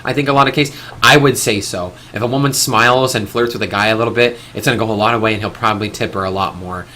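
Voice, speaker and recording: A man with a bright, forceful voice hosts a live stream. He talks in an opinionated, rambling way. He restarts his sentences often and swears casually. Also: on the low side, fairly even intonation, fast talker, a little hiss or hum.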